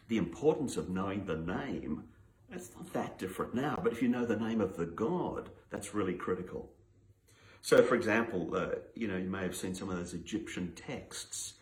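Low-voiced preacher in echoey hall. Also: male voice. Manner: explanatory, teacherly, unhurried. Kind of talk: teaching sermon. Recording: roomy echo.

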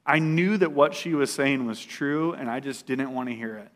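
Speaking at a normal speed in a mid-range voice, this man shares his own testimony loosely and conversationally. Fillers and false starts pepper his story, and he occasionally chuckles at himself.

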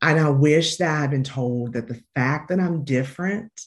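A woman with a Southern American accent, answering interview questions as an education consultant and coach in an earnest, emphatic way, slowing down to stress key phrases. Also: deep voice.

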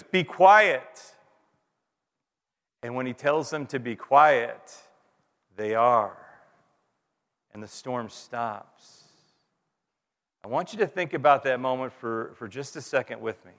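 Male pastor, 30s, conversational sermon with wry humor; mid-pitched, recorded in a reverberant sanctuary. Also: fairly bright tone. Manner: conversational, self-deprecating humor, dramatic pauses. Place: church sanctuary. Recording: long reverb of a large hall.

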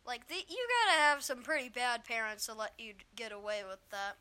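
Exasperated high-voiced young woman. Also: animated, a little fast, bright, forceful tone. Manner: rambling, exasperated, lots of fillers. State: slightly hoarse after illness. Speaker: vlogger. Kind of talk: storytime vlog.

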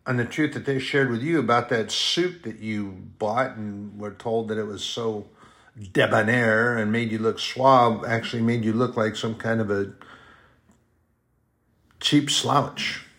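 A man's voice: on the low side, steady tone, measured pace, fairly bright tone. A man preaching in a folksy, rambling storytelling style, now and then acting out short quoted voices. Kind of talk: storytelling sermon.

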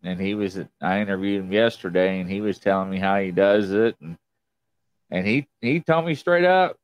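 A man's voice: low voice, moderate pace, clear, resonant tone, highs cut off. A man hosting a podcast interview, chatting casually and eagerly agreeing with his guest. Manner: eagerly agreeing, says "absolutely". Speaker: podcast host.

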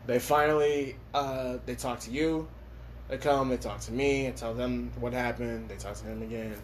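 A man's voice: medium pitch, fairly even intonation, moderate pace, slight background noise. A young man from Los Angeles telling a story in casual podcast chat, laughing often and swearing freely. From Los Angeles, USA.

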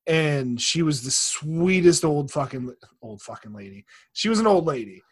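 Young man, husky, slightly high, loose rambling talker who swears and laughs a lot. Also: animated, normal speed. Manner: laughs often, swears freely, rambling storyteller. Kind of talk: casual chat.

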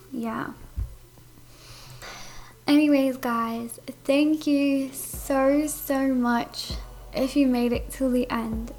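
A woman vlogging from home in a bubbly, gushing casual chat with her viewers, filling her talk with "like". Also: high-pitched. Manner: bubbly, gushing, says "like" a lot. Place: at home with family over.

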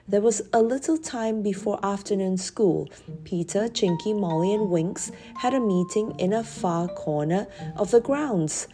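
A woman storyteller reading a children's book aloud in clear, measured narration. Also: medium pitch, animated, warm tone, soft background music.

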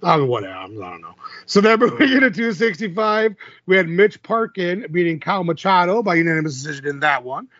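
A man's voice: high voice, very animated, fast, fairly bright tone, dry recording, muffled recording. A man co-hosting a podcast, recapping fight results in casual chat and laughing often. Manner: chatty, laughs often, filler-heavy. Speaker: podcast co-host.

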